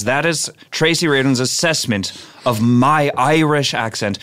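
A man hosting an improvised comedy podcast, playing the dry, deadpan straight man to his guest. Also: mid-range voice, unhurried. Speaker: podcast host.

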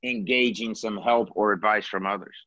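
A man's voice: lowish voice, fairly even intonation, moderate pace. A man making brief, affirming points in a casual podcast roundtable. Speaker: roundtable panelist. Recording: muffled with crowd chatter behind.

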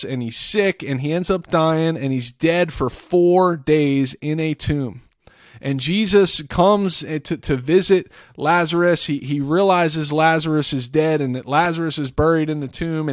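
A man's voice: fairly high pitch, no echo, studio quality. A man hosting a podcast, earnestly retelling a scripture story in a casual way, often repeating and restarting words. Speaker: podcast host. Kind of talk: faith talk, retelling scripture.

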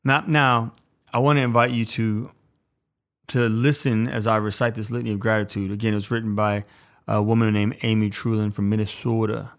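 A man, a priest hosting his podcast, who chats casually with loose asides and then recites prayers slowly and reverently. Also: lowish voice, level tone. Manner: casual, chatty, rambling asides. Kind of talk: podcast talk and prayer reading.

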